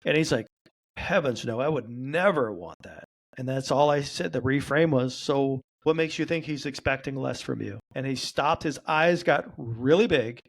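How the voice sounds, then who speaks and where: Animated man telling a story. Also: medium pitch, moderate pace. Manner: animated storyteller, acts out quoted dialogue. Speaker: guest, trauma therapy practitioner. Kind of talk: storytelling in a podcast interview.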